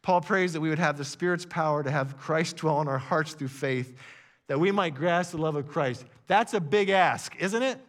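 A man in his sixties preaching a sermon in a conversational way, with jokey asides and repeated phrases, swinging from emphatic bursts to a hush. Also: on the high side, moderate pace. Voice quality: animated and emphatic, with sudden drops to a hush. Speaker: pastor.

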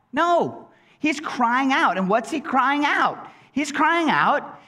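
A man's voice: very high voice, unhurried. A man preaching a sermon in a conversational way, acting out quoted prayers and often repeating words as he goes. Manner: animated, acts out quoted prayers in changing voices; conversational, with frequent word repeats. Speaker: pastor.

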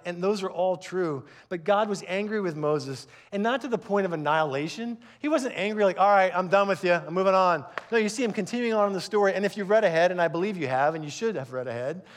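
A man in his fifties, a pastor giving a conversational, earnest sermon with frequent restarts. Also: sits high.

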